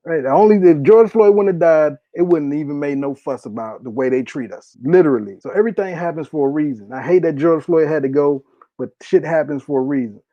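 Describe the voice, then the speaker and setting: A man's voice: on the high side, a little fast, no room sound. A man in his thirties delivering heated, profane political commentary, hammering his points with repetition. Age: 30s. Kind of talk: impassioned solo commentary. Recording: dull lo-fi dry recording.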